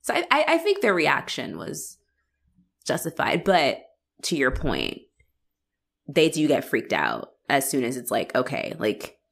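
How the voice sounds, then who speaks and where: A woman with a low-pitched voice chats in a loose, animated way. She swears freely and slips into the voices of the people she describes. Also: a little slow, vocal fry. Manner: animated, profane, acts out quoted characters. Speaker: podcast co-host. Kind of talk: casual chat.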